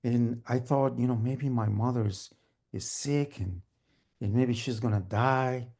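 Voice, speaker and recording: A man telling a story at a live storytelling event, animated and humming sewing-machine sounds. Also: medium pitch, unhurried. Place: storytelling event, online gallery view.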